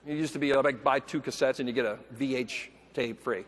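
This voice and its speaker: A man giving a motivational keynote, telling a story with animated delivery, acting out the voices of people he quotes and breaking into shouts. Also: medium pitch, fairly quick. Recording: echoey hall, faint background noise.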